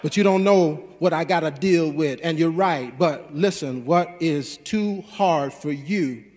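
A man with a high voice preaches to his congregation, calling back to them and climbing into fervent exhortation. His words ring through a church sanctuary with a long, lingering reverb. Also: measured pace, darkish tone. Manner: call-and-response preaching, rising to fervent exhortation. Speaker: pastor. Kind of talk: sermon.

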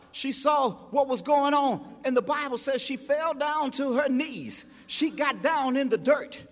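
A man preaching a sermon, shouting and half-singing his lines as he talks straight to the congregation. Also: very high-pitched. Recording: long hall reverb.

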